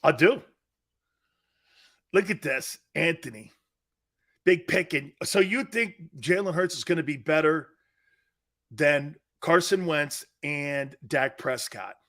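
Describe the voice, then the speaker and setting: A man hosting a sports talk stream, reading fan comments and trash-talking in loud, brash bursts. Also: a little high, takes it slowly, long pauses. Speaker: sports talk show host.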